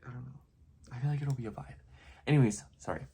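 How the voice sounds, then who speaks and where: A man's voice: mid-range voice, fast, dark tone, husky. A young man telling a story in a casual vlog, rambling and filling his talk with "like" and "you know". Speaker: vlogger.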